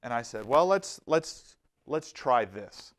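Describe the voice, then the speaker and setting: A man giving a lively, animated safety presentation to a live audience, telling stories and acting out quotes. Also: mid-range voice, slow pace. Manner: energetic, animated, storytelling with acted-out quotes. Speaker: safety trainer.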